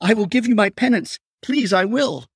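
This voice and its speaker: A man performs a full character voice as a terrified young female prosecutor held at knifepoint, gasping and pleading. He pitches his voice above his natural range, making it high, husky, and edged with vocal fry, at normal speed. The recording is dry and studio-clean.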